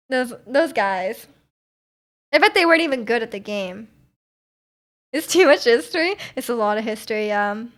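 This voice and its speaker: Young woman streamer, chatty and giggly, rambling with restarts, slightly high voice. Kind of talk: casual chat with live chat.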